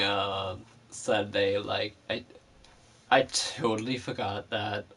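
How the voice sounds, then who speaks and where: Slow, low-voiced man rambling casually. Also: a bit bright. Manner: rambling, full of fillers and swearing. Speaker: vlogger. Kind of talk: casual storytelling.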